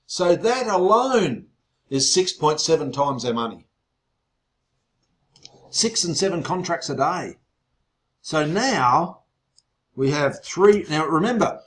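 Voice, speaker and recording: A man hosting an online sales webinar, excitable and teasing, his voice growing loud as he gets worked up. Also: a little high, slow, long pauses. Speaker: webinar host.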